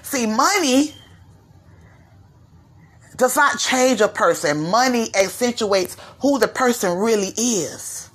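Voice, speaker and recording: A woman from Florida hosting her own podcast, giving a slangy, animated commentary rant and slipping into mimicry of others. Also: fairly high pitch, takes it slowly, long pauses, husky. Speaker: podcast host. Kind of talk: ranting commentary monologue.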